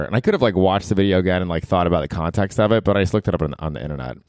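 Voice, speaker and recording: A man's voice: deep voice, very fast, darkish tone, no echo, studio quality. A man hosting a podcast in a loose, rambling comedic monologue, swearing freely and slipping into mocking voices for people he quotes. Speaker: podcast host.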